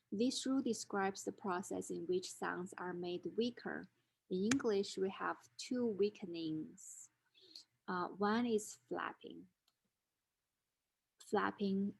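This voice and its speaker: A woman's voice: fairly low pitch, gravelly. A woman instructor giving a methodical recorded lecture, explaining rules step by step with examples. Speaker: linguistics instructor.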